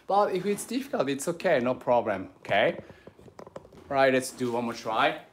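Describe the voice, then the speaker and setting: A man with a Japanese accent leads a livestreamed sword lesson from home. He talks haltingly, with many fillers, coaching and reassuring his students. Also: mid-range voice, big pitch swings, slight background noise. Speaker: sword instructor.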